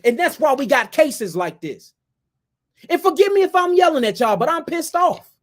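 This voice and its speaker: A man's voice: very high voice, big pitch swings, normal speed. A man giving a fiery, impassioned lecture to his viewers, ranting and repeating himself and calling them family. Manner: addresses listeners as family and y'all. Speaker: host.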